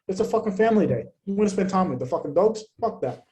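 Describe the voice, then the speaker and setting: Man, podcast guest, slightly high voice, blunt and profane. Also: fast talker, rough recording. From Australia. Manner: blunt, heavy swearing, animated rants. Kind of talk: casual conversational interview.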